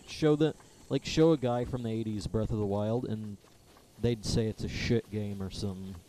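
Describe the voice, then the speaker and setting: A man chatting casually while streaming a game, offhand and relaxed. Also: lowish voice, moderate pace, a little hiss or hum. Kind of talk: casual gaming stream chat.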